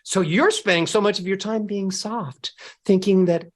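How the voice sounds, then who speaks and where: A man speaking as a voice coach, giving a motivational talk and acting out sad, happy and angry ways of speaking. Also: moderate pace. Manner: animated, with sweeping pitch.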